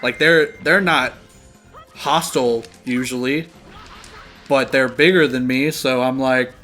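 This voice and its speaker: A man's voice: mid-range voice, steady tone, unhurried, bright, forceful tone, faint music behind. A young man co-hosting a game playthrough, telling a story casually with lots of swearing and laughter. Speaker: let's play co-host. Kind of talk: casual gaming chat.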